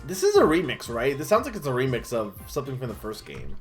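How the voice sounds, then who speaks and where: A man's voice: medium pitch, wildly swooping pitch, quick pace, hardly any pauses, faint music behind. Rambling casual male streamer. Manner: rambling, full of um and like, laughs at himself. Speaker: gaming streamer. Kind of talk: casual let's-play commentary.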